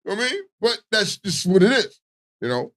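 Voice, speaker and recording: A man with a Baltimore accent talks loosely and profanely in casual morning-show banter. His voice sits a touch higher than most men's. He keeps checking in with his listener as he goes. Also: very animated, brisk, fairly bright tone. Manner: laid-back, profane, keeps asking "you know what I mean". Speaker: radio co-host.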